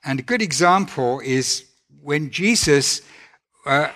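A man preaching a sermon in a gentle, conversational way, asking his listeners rhetorical questions. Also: fairly high pitch, animated, slow, long reverb tail.

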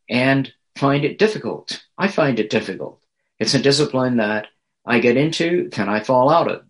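A male pastor preaching a sermon in a measured, earnest way, pausing often with small fillers. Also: mid-range voice.

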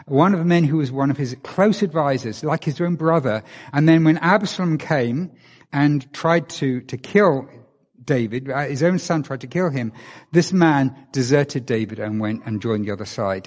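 A man's voice: mid-range voice, normal speed, a little mellow. Man preaching in an echoey hall. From England. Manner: informal, asks the listeners many rhetorical questions. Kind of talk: conversational sermon. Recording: long reverb of a large hall.

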